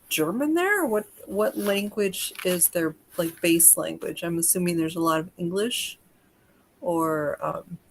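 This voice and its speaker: An American woman hosting a livestreamed energy-healing session, chatting casually, greeting viewers by name and giving gentle instructions. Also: mid-range voice.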